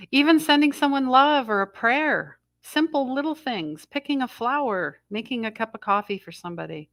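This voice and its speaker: A woman's voice: high-pitched, expressive, moderate pace, hardly any pauses, a bit bright, dry recording, clean studio sound. A middle-aged woman hosting a live spiritual energy update, rambling and breaking off mid-sentence as she passes on messages she says she hears. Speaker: intuitive astrology host.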